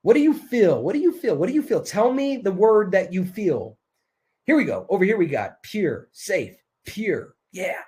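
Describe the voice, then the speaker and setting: Hyped self-help coach, soft chants. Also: male voice, sits high, very animated, moderate pace. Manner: hypnotic repetition, drops to soft near-whispers; hyped, self-assured motivational talk. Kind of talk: live online masterclass.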